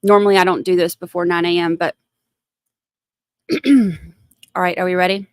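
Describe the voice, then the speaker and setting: A woman's voice: on the low side, flat delivery, moderate pace, smooth, dry recording. A woman hosting a casual livestream, rambling and giggling at herself between topics. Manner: giggly, rambling, self-mocking. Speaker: livestream host.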